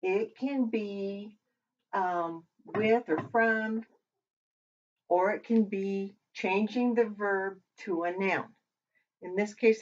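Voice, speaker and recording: A woman teaching a language lesson who talks while she writes, pausing and correcting herself as she goes. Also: medium pitch. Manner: talks while writing, with pauses and self-corrections. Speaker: Hebrew teacher. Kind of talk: slow, patient lesson at a whiteboard. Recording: dull lo-fi recording.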